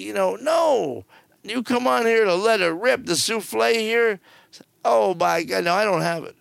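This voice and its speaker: A man's voice: high voice, creaky, a bit bright, no room sound. A middle-aged man giving casual cruise news commentary, with wry, sarcastic asides. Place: on board a cruise ship.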